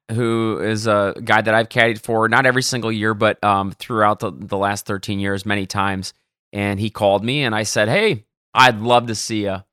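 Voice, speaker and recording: A man from Detroit talks in a loose, rambling way and keeps correcting himself mid-story. His voice is bright and forward. It is a casual podcast chat among caddies. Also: fairly low pitch, clean tone.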